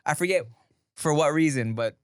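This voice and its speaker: A man's voice: fairly high pitch, moderate pace, clear, resonant tone, dry recording. Laid-back profane man, dry close mic. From Los Angeles. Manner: loose and profane, rising when worked up. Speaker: podcast co-host. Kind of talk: casual chat.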